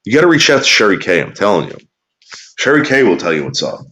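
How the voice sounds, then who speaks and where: Profane ranting man, low voice that swings up and down, drawling and muttering, bitter. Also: sing-song, fast talker, sharp tone. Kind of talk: profane casual rant.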